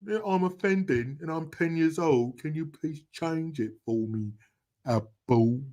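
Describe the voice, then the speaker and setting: A man's voice: fairly high pitch, takes it slowly, warm tone. A man putting on the voice of a whiny, offended ten-year-old kid in a mocking tone.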